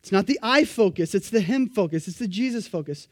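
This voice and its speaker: A man preaching a sermon, animated and emphatic, acting out the voices of the people he quotes. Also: high voice, brisk, no echo, clean studio sound.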